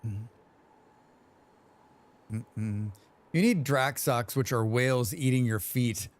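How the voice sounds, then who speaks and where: A man's voice: mid-range voice, slow. A man streaming a game live, chatting loosely with his viewers, humming to himself between comments. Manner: rambling, humming to himself, reading chat aloud. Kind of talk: casual live-stream chat.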